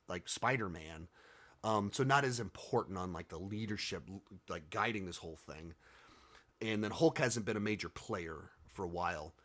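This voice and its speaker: A man's voice: mid-range voice, bright, forceful tone. A man hosting a casual commentary video, answering viewer questions, rambling and thinking aloud with many restarts and sarcastic stretches.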